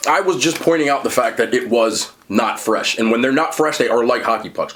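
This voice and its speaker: A man talking casually while eating and reviewing fast food, chatty and animated, pausing to chew. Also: medium pitch.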